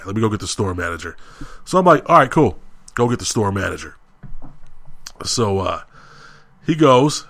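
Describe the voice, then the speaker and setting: A man co-hosting a podcast, telling a story in a casual, animated way and acting out heated exchanges. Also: fairly low pitch, no room sound. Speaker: podcast co-host.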